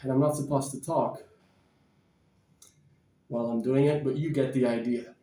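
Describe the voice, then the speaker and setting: A man vlogging about diet and exercise in a blunt, energetic, preachy way, sometimes moving about as he talks. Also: medium pitch, moderate pace, reverberant, recorded from a distance. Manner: energetic, bouncing and shadow boxing while talking. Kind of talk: casual motivational vlog.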